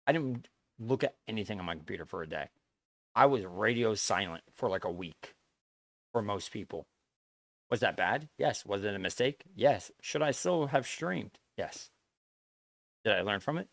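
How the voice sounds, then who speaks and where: A man's voice: lowish voice, animated, moderate pace, gravelly, pauses often, a bit bright, no room sound. A man streaming live, talking earnestly and at length to his chat, repeating his points and swearing often. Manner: earnest, lecturing and repetitive, with frequent swearing.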